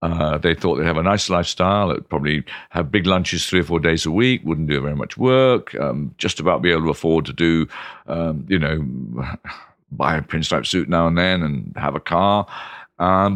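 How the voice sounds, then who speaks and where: A man's voice: normal speed, no echo, studio quality. A man who is a wine expert, telling stories with enthusiasm in an interview and acting out voices as he goes. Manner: animated, enthusiastic, acts out voices, jumps high in pitch. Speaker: wine expert and former TV presenter. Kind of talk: interview storytelling.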